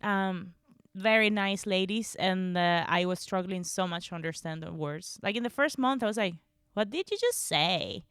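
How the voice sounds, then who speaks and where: A woman's voice: lowish voice, a bit bright, smooth, dry recording. A woman co-hosting a comedy podcast, chatting casually and laughing easily. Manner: chatty, giggly, quick to laugh.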